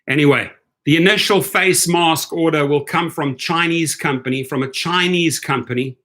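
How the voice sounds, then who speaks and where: A man's voice: fairly high pitch, normal speed, pushed and bright. A man hosting a rideshare commentary stream, sarcastic and heated as he reads and rants. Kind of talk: live-stream rant.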